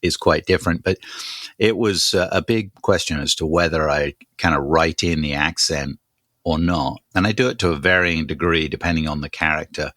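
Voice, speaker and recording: A man with a very low voice hosts a podcast and rambles through his points with jokes and restarts. the sound is dry and close, with no room tone behind him. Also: fairly even intonation, normal speed, fairly bright tone, no room sound. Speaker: podcast co-host. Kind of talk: casual chat.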